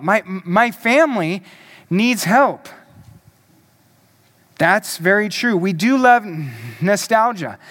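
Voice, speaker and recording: High-voiced, slow-speaking male pastor. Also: fairly bright tone. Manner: emphatic, rhetorical questions to the congregation. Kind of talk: sermon.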